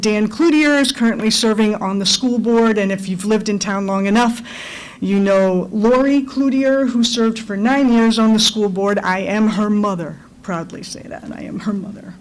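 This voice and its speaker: A woman's voice: medium pitch, measured pace, darkish tone, poor audio. An older woman, a school board candidate, giving a plainspoken, wry campaign speech.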